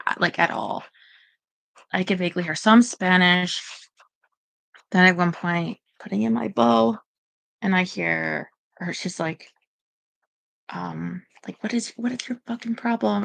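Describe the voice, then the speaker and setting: A woman's voice: mid-range voice, gravelly, a bit bright. A woman rambling anxiously in casual livestream chat, talking straight to her viewers.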